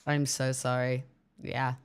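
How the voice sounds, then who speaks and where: Slow, smooth-voiced woman streamer. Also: rumbling low, little pitch movement. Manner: chatty, thanking viewers, wry asides. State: recovering from illness, coughing. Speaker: livestreamer. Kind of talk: casual livestream chat.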